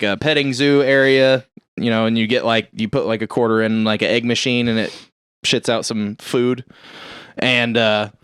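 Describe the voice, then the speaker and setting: A man chats on a podcast in a middle-pitched voice, caught close and dry on the mic. He rambles through a story and laughs at his own jokes as he goes. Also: a bit bright, clean tone, no echo. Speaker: podcast host. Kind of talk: casual chat.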